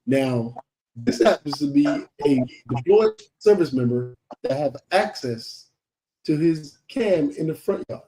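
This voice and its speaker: A man hosting a casual chat podcast, telling stories in an animated way and acting out voices. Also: on the high side, takes it slowly, slight background noise. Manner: animated storyteller, acts out voices. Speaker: podcast host.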